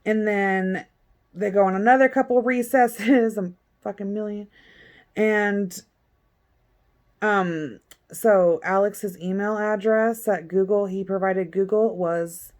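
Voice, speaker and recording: Woman, vlogger, casual chat, blunt, profane, sarcastic, mid pitch. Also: a little mellow. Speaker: vlogger recapping a court hearing.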